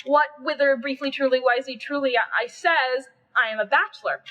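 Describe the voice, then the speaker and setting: A woman's voice: sits high, brisk, a bit bright, dull audio. A woman voicing a frightened male poet who stammers and pleads. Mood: panicked.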